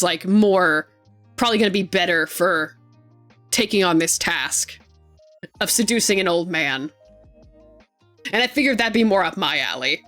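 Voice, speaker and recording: A young adult woman streams live and chats casually at her desk microphone, gushing excitedly, laughing a lot and swearing freely. Her voice is mid-range.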